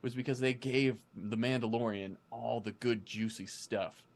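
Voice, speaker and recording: A man's voice: medium pitch, fairly even intonation, moderate pace. A man hosting a casual fan discussion podcast, chatty and explaining things at length with frequent restarts.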